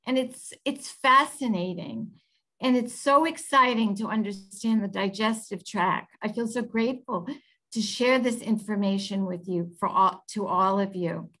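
A woman's voice: mid-range voice, a little slow, sharp tone, poor audio. A middle-aged woman, a healthy chef, giving an earnest, effusive nutrition lecture over a video call, with many "um"s.

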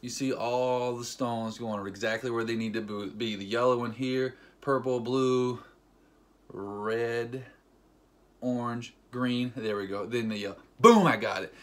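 A man vlogging a casual, excited movie recap, rambling with fillers and acting scenes out with sound effects like "boom" and "ding.". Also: a little slow. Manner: animated storyteller with sound effects; loose, rambling, filler-heavy delivery.

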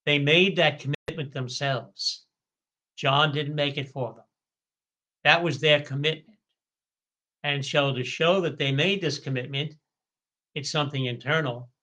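Male priest teaching scripture, measured and deliberate, bright clear tone, leans on key words. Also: fairly high pitch, steady tone. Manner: slow, deliberate explanation with stretched emphasis on key words; occasional stumbles and self-corrections. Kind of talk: scripture study lecture.

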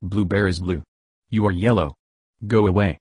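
A man voicing a stern storybook mother bear who turns callers away in a flat, firm way. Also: low-pitched, moderate pace, breathy edge, no room sound, clean studio sound.

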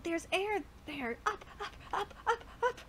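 A woman's voice: very high voice, animated, a little slow, a bit bright, slight background noise, pitched above the performer's own voice, full character voice. A woman reading a desperate young shogi player. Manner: urgent, breathless inner monologue. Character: tense young male shogi player fighting on.

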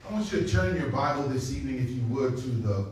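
A man's voice: medium pitch, expressive, quick pace, a little mellow, a little hiss or hum. A man preaching a revival sermon as a guest preacher. He tells a personal story in a conversational way, with chuckles, fillers and restarts. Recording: echoey church hall, far from mic.

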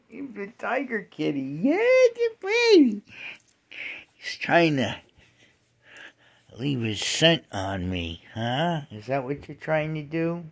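A man filming his pet at home, cooing doting sing-song baby talk with soft asides, recorded on a handheld phone. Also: mid-range voice. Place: at home, near a bed.

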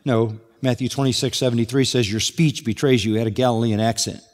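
This male pastor talks fast, with a steady, mid-range, slightly mellow voice. He preaches verse by verse through a passage, raising rhetorical questions, and the recording carries long hall reverb.

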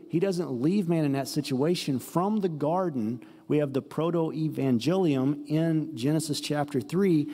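Blunt conversational preacher, male, warm husky voice, echoing church hall. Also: on the high side. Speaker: pastor. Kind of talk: sermon. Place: church sanctuary.

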